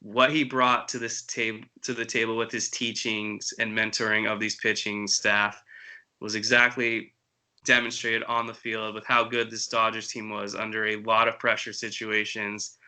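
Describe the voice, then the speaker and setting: Brief: male sports podcast host, even and level, crisp bright tone. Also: fairly low pitch, normal speed, low-quality recording. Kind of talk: casual sports chat.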